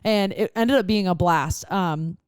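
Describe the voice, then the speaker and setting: A woman's voice: fairly low pitch, measured pace, a little mellow, smooth, no room sound. Young woman podcast host, rambling casual storyteller, dry close sound. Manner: rambling storyteller, heavy use of "like". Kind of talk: casual chat.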